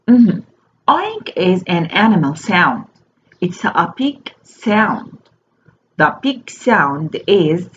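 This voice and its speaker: A woman teaching a slow phonics lesson to young children. She spells each word out letter by letter and repeats it. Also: on the low side, big pitch swings. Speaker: primary school teacher. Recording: dull lo-fi recording with faint noise.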